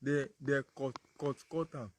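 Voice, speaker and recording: A man's voice: mid-range voice, steady tone, a little slow, dry recording. A man with a Nigerian accent, telling a story in a casual Pidgin sermon talk and acting out the dialogue. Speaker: apostle speaking on parenting.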